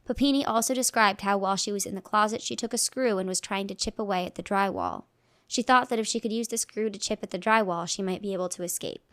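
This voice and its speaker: Woman reader of legal documents, dry close mic, steady deliberate pace, mid-range voice. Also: mid-range voice, no room sound. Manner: measured, plain delivery, marking each quotation aloud. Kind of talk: reading a legal document aloud.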